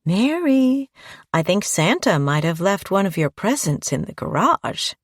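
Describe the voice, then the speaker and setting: A woman's voice: low-pitched, sing-song, measured pace, creaky, husky, no echo, studio quality, exaggerated voice. A woman voicing a doting grandmother in an audiobook, speaking in a sing-song way.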